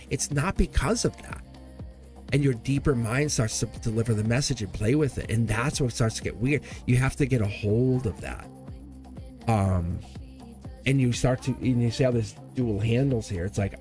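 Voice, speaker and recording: On a livestream, a man reads tarot and chats casually with his viewers, rambling loosely and chuckling often. His voice is mid-range and a little mellow.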